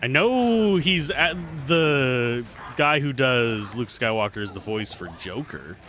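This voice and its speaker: A man's voice: medium pitch, expressive, slow pace, pushed and bright. A man casually commentating while he plays a video game on a livestream, chatty and playful as he thinks aloud. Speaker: streamer playing a video game.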